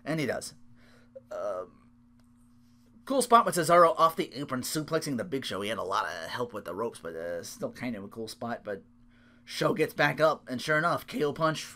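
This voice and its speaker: A man's voice: mid-range voice, expressive, moderate pace, pushed and bright. A tired man hosting a solo podcast, rambling and interrupting himself as he recaps. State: sleep-deprived. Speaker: podcast host.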